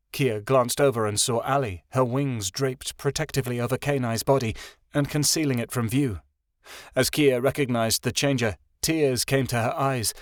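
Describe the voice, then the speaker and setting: A man reading a fantasy audiobook in steady, measured narration. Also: medium pitch, no room sound, studio quality. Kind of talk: scripted narration.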